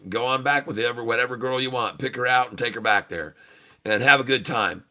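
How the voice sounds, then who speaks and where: A man's voice: medium pitch, fairly quick, sharp tone. A man voicing an older woman who runs a brothel in a bawdy joke, talking in a coaxing, dealmaking way.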